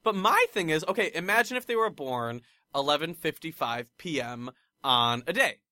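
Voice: mid-range voice, expressive, moderate pace, bright, forceful tone, no echo. A podcast co-host in casual chat, giggly and rambling as they tell stories to a friend.

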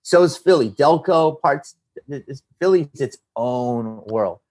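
A man with a Philadelphia accent, an actor and comedian talking casually as a guest, animated and swearing freely. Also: medium pitch, a little slow. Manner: animated, swearing, slips into a Philly voice. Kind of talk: casual interview chat.

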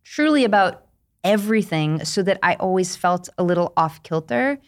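A woman's voice: lowish voice, moderate pace. A woman author as an interview guest, telling personal stories candidly and acting out quoted lines. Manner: candid storytelling, animated, acts out quotes. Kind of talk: casual interview chat.

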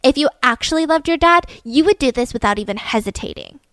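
A woman's voice: high-pitched, lively intonation, quick pace, a bit bright, no room sound, studio quality. A woman voicing a cold, scheming adult woman who talks bluntly and pressures. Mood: pressuring.

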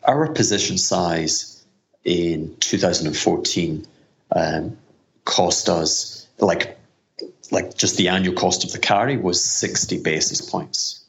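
Middle-aged Scottish male guest, very low voice, rambling and self-mocking. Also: takes it slowly, vocal fry, a bit bright. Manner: rambling, self-deprecating, with frequent restarts and laughs. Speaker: hedge fund manager, guest. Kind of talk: conversational interview answers.

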